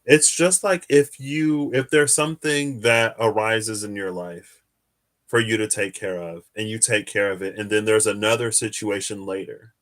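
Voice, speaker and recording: A man's voice: lowish voice, fairly even intonation, normal speed, fairly bright tone. A man hosting a live tarot stream, chatting casually and answering viewers' questions as he wanders through his thoughts.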